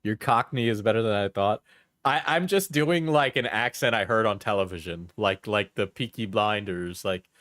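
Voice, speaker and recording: A man's voice: lowish voice, moderate pace, fairly bright tone, no room sound, clean studio sound. A man streaming casual commentary with sarcastic, laughing asides.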